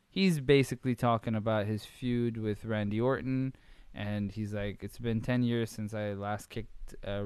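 Speaking at a fairly low pitch with no room sound, the male host runs through a loose, wandering wrestling recap on his podcast. Fillers, curse words and rapid impressions pepper his talk.

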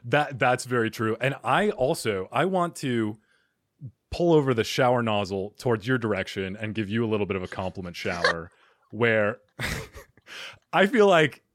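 A man's voice: mid-range voice, lively intonation, normal speed, fairly bright tone, no room sound. A man hosting a comedy advice podcast over a video call, chatting playfully, punning and laughing often. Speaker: podcast host. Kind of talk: casual interview chat.

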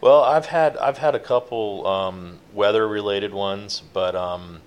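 A man telling a long fishing-boat story in a relaxed, rambling interview, with many fillers. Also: lowish voice, a little slow, clear, resonant tone. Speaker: guest, offshore fishing boat captain.

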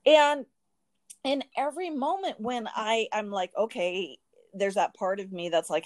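A woman hosting a casual chat on a video call, giggly and telling lively stories. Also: medium pitch, unhurried, no room sound.

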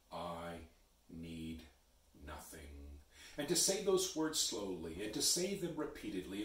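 A man preaching a sermon in a slow, measured way, dropping to a hush on key words. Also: deep voice, distant mic. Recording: echoey, from off-mic.

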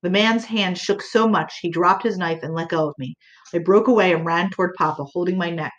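A woman narrating an audiobook in a measured, earnest way. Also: on the low side, muffled recording.

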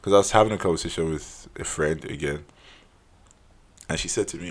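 A man's voice: extremely low pitch, a little fast, pauses often, husky. A young man hosting his own podcast, talking alone in an earnest, casual way, often saying "man" and restarting his sentences. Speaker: podcast host. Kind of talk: solo podcast monologue.

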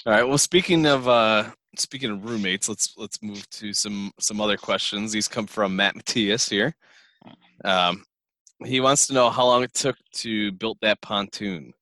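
A man with a low-pitched but bright, forceful voice hosts a relaxed interview. He reads out listener questions and laughs easily at his guest's stories. The sound is dry and close. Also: a little slow, dry recording. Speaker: podcast host. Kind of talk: casual interview.

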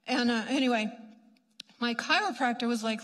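A woman minister telling testimonies in a chatty, animated storytelling way, acting out what people said. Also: fairly high pitch, a little slow, in a large hall, poor audio. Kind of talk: testimony preaching.

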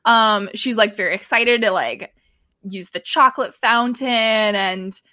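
A woman's voice: medium pitch, measured pace, pushed and bright, dry recording. A woman co-hosting a casual podcast, recapping a TV episode in a chatty way, with lots of fillers and laughter. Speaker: podcast co-host.

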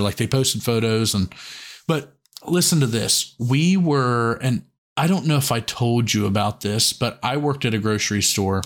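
A man's voice: medium pitch, brisk. A man hosting a podcast, telling long stories in a rambling, profane way, full of "like" and restarts. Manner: rambling, profane, heavy use of "like". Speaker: podcast host. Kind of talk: casual storytelling chat.

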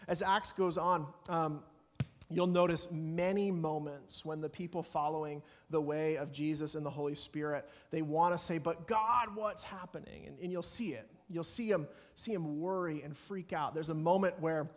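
A man's voice: fairly high pitch, fairly even intonation, normal speed. A man preaching a sermon as pastor, talking in an earnest way and acting out anxious prayers. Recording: long hall reverb.

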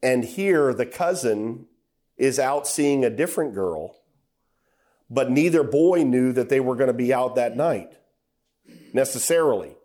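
A man's voice: expressive, unhurried, long pauses. Middle-aged male preacher, storytelling sermon, acts out the quotes, builds to emphatic peaks. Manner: storytelling with acted quotes, rising to loud emphatic high passages.

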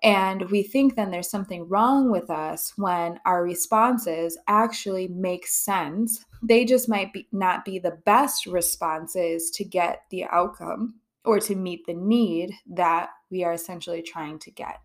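A woman's voice: fairly low pitch, a little slow, hardly any pauses. A woman therapist hosting her own podcast, talking candidly and conversationally, with frequent swearing. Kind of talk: casual podcast monologue.

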